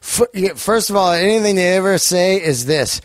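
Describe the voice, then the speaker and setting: A man's voice: high voice, lively intonation, moderate pace, dry recording. A man guesting on a comedy podcast, talking in a laid-back, profane, agreeable way. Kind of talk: casual comedy podcast chat.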